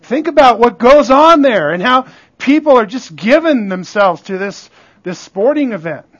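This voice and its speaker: Extremely high-pitched and fairly bright, this pastor's voice moves with lively intonation at a normal speed. He preaches conversationally, with frequent call-outs to his congregation, on a dull lo-fi recording.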